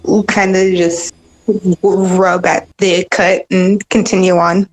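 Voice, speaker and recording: A woman's voice: on the low side, level tone, takes it slowly, rough recording. A woman playing a tabletop role-playing game, casually describing what her character does. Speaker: player.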